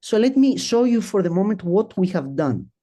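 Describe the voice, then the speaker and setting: A middle-aged man presenting a statistics talk at a symposium, speaking haltingly, restarting sentences and thinking aloud as he works through his slides. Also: high-pitched, very animated, warm tone. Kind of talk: academic statistics lecture.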